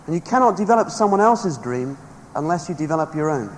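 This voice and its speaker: Speaking fast in a fairly high, sing-song voice, a man delivers an emphatic motivational seminar speech, using stories to fire up a live crowd. The setting is a large hall, recorded with echo and faint background noise.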